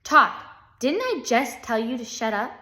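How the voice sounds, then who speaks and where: A woman voicing a cranky, bullying schoolteacher who snaps and shouts at her class in a storybook reading. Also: a little high, very animated, unhurried, echoey room, exaggerated voice. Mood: snapping, stern. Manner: snapping and shouting, then mocking.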